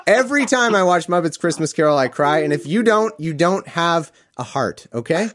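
A man's voice: on the high side, lively intonation, moderate pace, fairly bright tone, no room sound, clean studio sound. A man hosting his own podcast, chatting casually with listeners, laughing often and swearing freely in a self-mocking way. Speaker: podcast host.

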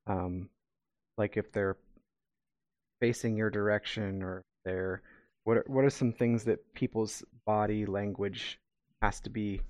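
A man's voice: on the low side, darkish tone, no room sound. A man co-hosting a podcast and talking as a parent in casual chat, laughing often and restarting his sentences as he goes.

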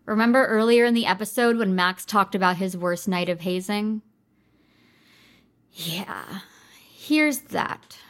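A woman hosting a podcast, reading scripted narration in a steady, measured way. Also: medium pitch. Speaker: podcast host.

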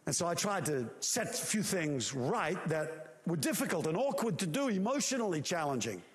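High-voiced man preaching an animated sermon. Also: normal speed. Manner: animated storytelling with emphatic rhetorical questions. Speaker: pastor.

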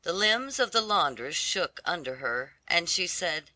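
A storybook narrator reads slowly, the pitch rising and falling with lively expression. The tone is bright and crisp, and the recording is dry and close. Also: no room sound. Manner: slow, lively, storybook delivery. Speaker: audiobook narrator. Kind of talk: scripted narration of a fairy tale.

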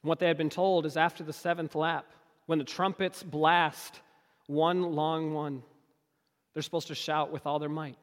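A man preaching a sermon as a story, acting out the people in it with his voice rising high and dropping low. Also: long reverb tail.

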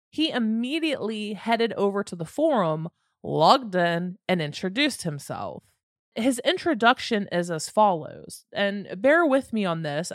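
A woman with a slightly low voice narrates a long story on her show, casual and candid, dropping wry asides as she goes. The sound is dry and close, with no room around it. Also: no echo. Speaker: podcast host.

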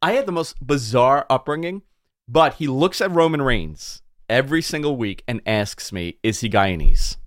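A young man chatting on a wrestling podcast with a middle-pitched voice. He tells animated stories, trailing off and restarting as he goes. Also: moderate pace, no room sound, clean studio sound. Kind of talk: casual chat.

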